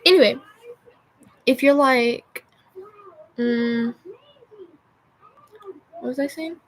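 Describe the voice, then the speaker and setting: On a livestream, a young woman talks in a rambling way, forever losing her train of thought and using constant fillers. Her slightly high voice is extremely slow.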